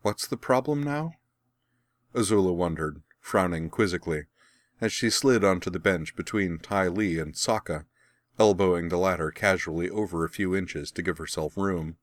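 A man narrating a fan fiction story as an audiobook, with an even, wry storytelling manner. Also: sits low, moderate pace, no echo, studio quality.

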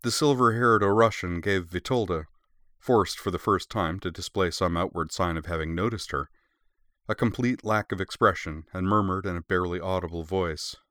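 Male storyteller with a very low voice, measured and steady, dry close sound. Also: dry recording. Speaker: audiobook narrator. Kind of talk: scripted narration.

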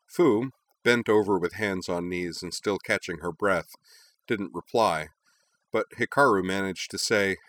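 Man narrating a story, lowish voice. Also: unhurried, no room sound, studio quality. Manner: lively, expressive reading.

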